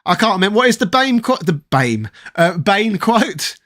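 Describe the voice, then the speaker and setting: Chatty London man, high voice. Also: very animated, fairly bright tone. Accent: London English. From London, England. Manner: rambling, chatty, reads chat aloud and riffs with quick jokes. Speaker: streamer chatting with live chat. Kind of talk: casual live-stream chat.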